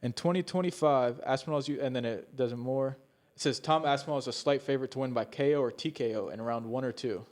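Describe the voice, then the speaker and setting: A man's voice: mid-range voice, fast talker, few pauses, a little mellow. A young man co-hosting a casual podcast chat, rambling and swearing often, with laughs slipping into his sentences. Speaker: podcast co-host.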